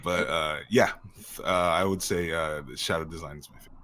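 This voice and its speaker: A man's voice: deep voice, fairly even intonation, fairly quick, sharp tone. A man being interviewed as an actor guest, talking in a rambling, casual way with many fillers and frequent laughter.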